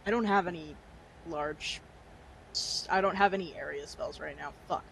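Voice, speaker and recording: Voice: mid-range voice, normal speed, creaky, fairly bright tone, a little hiss or hum, poor audio. Playful, swearing tabletop player. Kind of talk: casual tabletop game play.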